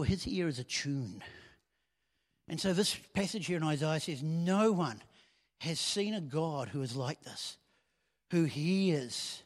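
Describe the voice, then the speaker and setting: Male preacher, slightly high voice, conversational sermon with loud swells, long hall echo.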